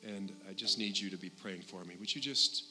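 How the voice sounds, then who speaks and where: An older man preaching a sermon as pastor, animated and swinging between loud and quiet. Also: sits low, a little fast, faint music behind.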